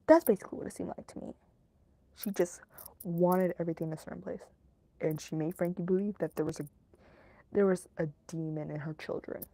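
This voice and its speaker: A woman's voice: lowish voice, fairly even intonation, a little fast, vocal fry, long pauses, dark tone, no echo. A young woman hosting a true crime podcast, rambling and joking with lots of fillers and laughs. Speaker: podcast host. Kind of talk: casual true crime commentary.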